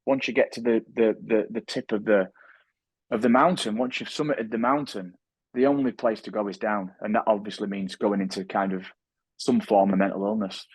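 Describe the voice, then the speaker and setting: A man's voice: lowish voice, steady tone, moderate pace, husky, no echo. A man speaking as a podcast guest and author, talking earnestly and often restarting his sentences. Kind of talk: reflective interview talk.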